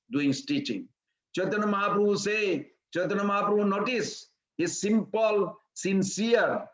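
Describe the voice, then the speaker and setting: A high-voiced man preaches and tells a story in plain, broken English. His voice rings through an echoey room, and the sound is a little dull. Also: a bit bright. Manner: simple broken English, acts out quoted voices in a higher pitch. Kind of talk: sermon storytelling.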